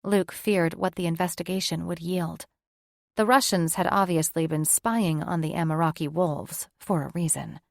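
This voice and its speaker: A woman narrating a fantasy romance audiobook in an even, measured way. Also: on the low side, gravelly, no room sound, clean studio sound. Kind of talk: scripted narration.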